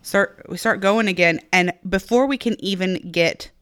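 A woman in her thirties co-hosting a podcast, telling a family story in an animated way. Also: medium pitch, moderate pace, clear, resonant tone, no room sound. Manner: animated, telling stories with acted-out quotes. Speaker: podcast co-host. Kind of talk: casual storytelling.

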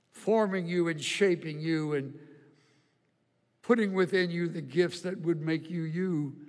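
A man's voice: high-pitched, long reverb tail. An older man preaching a sermon, folksy and humorous, often repeating words as he tells stories. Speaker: pastor. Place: church auditorium.

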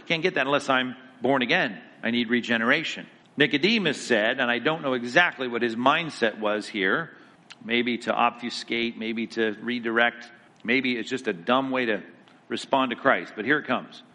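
A man's voice: medium pitch, normal speed, pushed and bright, long reverb tail. A man giving a theology lecture to a class, emphatic and conversational, asking the students questions as he goes. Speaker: Bible teacher.

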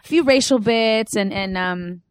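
A woman's voice: medium pitch, a little slow, clear, resonant tone, dry recording, clean studio sound. A woman co-hosting a casual podcast chat, frank and chatty. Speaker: podcast co-host.

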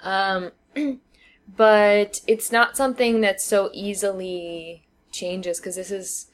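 A woman co-hosting a casual podcast chat, explaining her views at length with thoughtful pauses and fillers. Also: medium pitch, steady tone. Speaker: podcast co-host. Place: living in China.

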